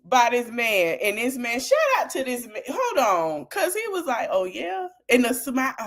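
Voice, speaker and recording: A woman with a voice on the high side hosts a podcast, talking politics to her audience at a normal speed in an animated, casual way and laughing often.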